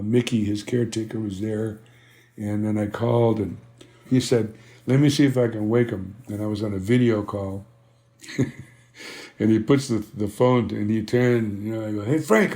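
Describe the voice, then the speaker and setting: Fairly low and mellow, this older man's voice carries conversational stories as he guests on an interview about the band he founded. He rambles with frequent "you know"s and acts out bygone exchanges.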